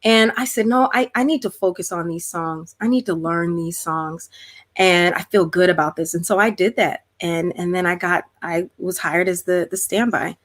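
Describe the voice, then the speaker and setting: A woman's voice: fairly low pitch, moderate pace. A middle-aged woman, a guest performer, chatting animatedly on a video call with many restarts and fillers. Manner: animated, talks with her hands in words, many restarts and "like". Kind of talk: casual video-call chat.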